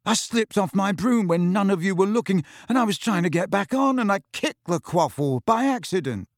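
A man voicing a nervous teenage boy who talks in a croaky, miserable way. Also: high voice, expressive, normal speed, no room sound, clean studio sound, voice pushed up. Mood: miserable whisper.

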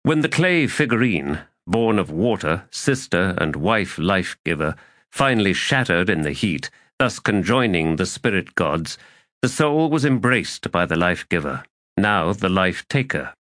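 A man narrates a fantasy novel with a somewhat low, steady voice. His reading is measured and solemn. The recording is dry and close, with no room sound. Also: no echo. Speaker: audiobook narrator.

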